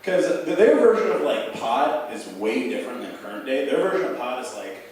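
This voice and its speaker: A man's voice: mid-range voice, big pitch swings, brisk, darkish tone. A young man telling a rambling, profane stand-up story at a bar open mic, packed with fillers. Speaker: stand-up comic. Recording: echoey bar room heard from far off.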